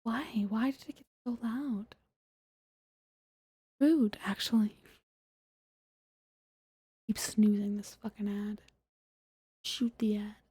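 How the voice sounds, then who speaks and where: Young woman, mellow and breathy, chatty half-whisper, giggly, dry close sound. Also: medium pitch, slow, long pauses, no echo. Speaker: VTuber streamer. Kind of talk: soft-spoken ASMR stream chat, often whispered.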